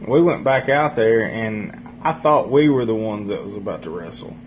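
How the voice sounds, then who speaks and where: A man's voice: on the low side, animated, moderate pace, narrow, tinny audio, a little hiss or hum. Rambling man telling stories. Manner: rambling, profane, laughs while telling stories. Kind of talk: casual storytelling chat.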